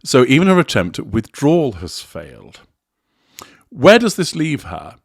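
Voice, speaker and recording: A man giving a measured, deliberate analytical commentary, explaining a recorded interaction step by step. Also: medium pitch, wildly swooping pitch, slightly rough, no room sound, clean studio sound. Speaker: commentator on narcissism.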